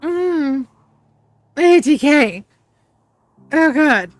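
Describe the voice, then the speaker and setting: A woman's voice: sits high, lively intonation, very slow, soft background music. A woman live-streaming a video game in casual chat, swearing, laughing often and cooing to her cat.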